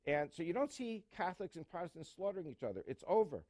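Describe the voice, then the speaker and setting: A man's voice: high voice, very animated, fast, darkish tone, dry recording. A man answering questions as a guest in an interview, emphatic and full of fillers and jokes.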